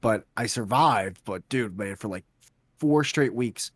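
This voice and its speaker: A young man co-hosting a podcast, telling a long story in casual chat, acting out quotes with lively voices and swearing. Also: fairly low pitch, unhurried, no room sound. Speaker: podcast co-host.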